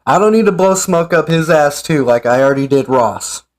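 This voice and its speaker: A man's voice: fairly high pitch, animated, moderate pace. A man giving casual, sarcastic ranting commentary as an online commentator. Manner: sarcastic, mocking.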